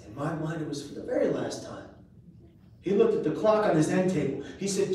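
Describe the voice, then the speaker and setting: A man's voice: a little high, animated, a little fast. Man telling a dramatic story in an echoey room. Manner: dramatic storytelling, swinging between loud and hushed. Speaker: motivational speaker. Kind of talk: live personal story speech. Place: event venue, indoors. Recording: echoey room recording from far off, faint hiss.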